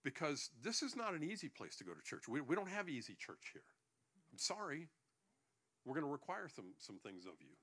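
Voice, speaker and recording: A man's voice: on the high side, wildly swooping pitch, fairly quick, fairly bright tone. A male pastor preaching a sermon to his congregation, joking between points and often restarting his sentences.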